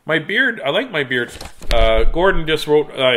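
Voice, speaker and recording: A man's voice: a little high, sing-song, moderate pace, a bit bright. A middle-aged man casually reading children's books aloud, with jokey asides between pages. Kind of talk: casual read-aloud to a live chat.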